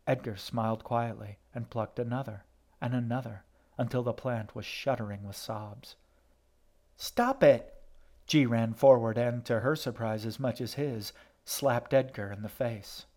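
Male audiobook narrator, middle pitch, steady storytelling. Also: moderate pace.

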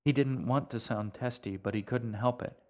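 A man reading his own serialized novel aloud, in a quiet, measured storytelling manner. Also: medium pitch. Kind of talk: audiobook narration.

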